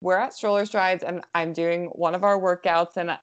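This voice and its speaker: Lower-pitched woman gushing on a lo-fi mic. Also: fairly even intonation, smooth. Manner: gushing, warmly encouraging, quick to laugh. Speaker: podcast co-host. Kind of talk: casual chat.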